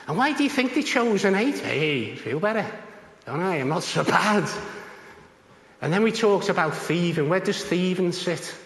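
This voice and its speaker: Guy telling a prison bible study story, lively, kinda high voice, big echoey room. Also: moderate pace. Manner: animated, acts out others' voices with big pitch jumps. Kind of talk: storytelling in conversation. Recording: echoey room with long reverb.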